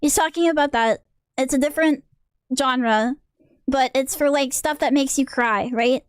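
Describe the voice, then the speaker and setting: High-voiced woman ranting on stream. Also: moderate pace, no room sound, studio quality. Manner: rambling, self-interrupting, exasperated. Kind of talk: casual stream rant.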